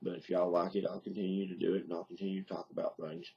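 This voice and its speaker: A married man with a deep Southern accent, talking bluntly and casually to camera in a home video diary, plainspoken with mild cursing. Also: level tone, fast talker, mellow, husky, dull audio. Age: adult, married. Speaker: video diarist.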